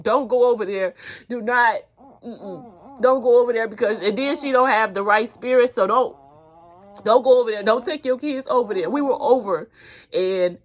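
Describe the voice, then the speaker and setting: Woman, mother, venting vlog, heated, emphatic, repetitive. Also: fairly high pitch. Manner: heated, emphatic, repeats herself. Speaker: mother vlogger.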